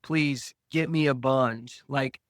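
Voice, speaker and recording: A man speaks at an unhurried pace, earnestly recounting a personal story and voicing the lines of the people in it. His voice sits at an ordinary middle pitch, recorded close and dry with no room sound. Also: fairly even intonation, no room sound. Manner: earnest, slow storytelling with reenacted dialogue. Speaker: podcast guest.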